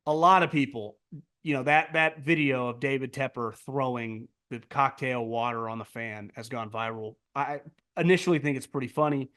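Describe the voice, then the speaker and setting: A man hosting a sports podcast, riffing in a blunt, profane, casual monologue full of "like" and restarts. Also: moderate pace. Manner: jumps to loud, high mocking outbursts.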